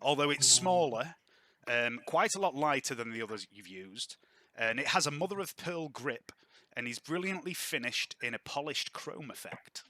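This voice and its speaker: A man narrating a tabletop game as game master, with lively, descriptive delivery. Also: mid-range voice, normal speed, no room sound.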